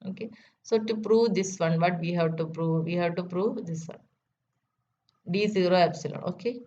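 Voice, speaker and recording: Woman lecturer with a lowish voice, methodical proof-by-proof delivery, muffled lo-fi recording. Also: moderate pace, mellow. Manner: methodical, repeats key steps. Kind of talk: math lecture. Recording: dull lo-fi recording with faint noise.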